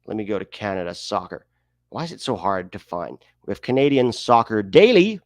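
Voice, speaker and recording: A man's voice: on the low side, very animated, a little fast, dry recording, studio quality. A man hosting a casual soccer commentary video, chatty, thinking aloud and humming while he searches. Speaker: host.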